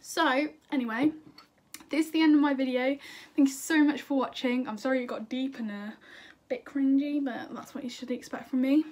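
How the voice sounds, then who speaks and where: A woman's voice: sits high, fairly even intonation, moderate pace, a little mellow. A young woman chatting to camera in a bubbly, self-deprecating way, answering viewer questions. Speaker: singer and YouTuber. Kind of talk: casual chat to camera.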